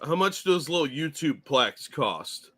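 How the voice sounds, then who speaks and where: A man's voice: a little high, expressive, a little slow, sharp tone. A man co-hosting a casual political talk stream, blunt and profane as he rants.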